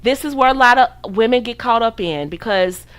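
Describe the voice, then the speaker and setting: A woman's voice: a little high, expressive, normal speed, smooth. A woman from the United States hosting a podcast, giving casual dating advice in a preachy, sassy way and acting out her listeners' voices. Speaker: podcast host.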